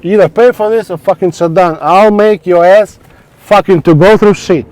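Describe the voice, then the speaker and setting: A man with a high-pitched voice rants furiously to camera, swearing and circling back over the same points in choppy phrases. The sound is dry and close, with no room echo. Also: normal speed, darkish tone. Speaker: vlogger. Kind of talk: angry profane rant to camera. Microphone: wireless clip mic.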